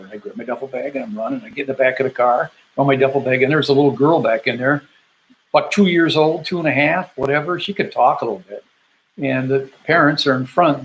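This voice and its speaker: A man's voice: medium pitch, slight background noise, low-quality recording. Older man telling a war homecoming story. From Grand Rapids, Michigan, USA. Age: 70s. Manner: rambling, acts out quoted dialogue, frequent fillers and restarts. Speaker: Vietnam veteran telling his story. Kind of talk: casual first-person storytelling.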